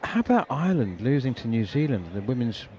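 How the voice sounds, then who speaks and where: A man's voice: mid-range voice, very animated, fast talker, a little mellow, muffled recording. Chatty male cricket radio commentator. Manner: chatty, laughs easily, many ums and uhs.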